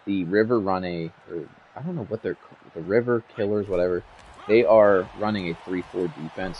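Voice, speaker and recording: A man's voice: low voice, normal speed, highs cut off, slight background noise. A young man giving casual, rambling commentary over a football game he set up, frustrated and swearing freely. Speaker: league commissioner playing a football game.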